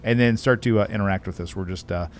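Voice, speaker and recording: A man's voice: lowish voice, fast talker, a little hiss or hum. A man co-hosting a podcast in casual chat, playful and teasing, often joking around. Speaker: podcast co-host.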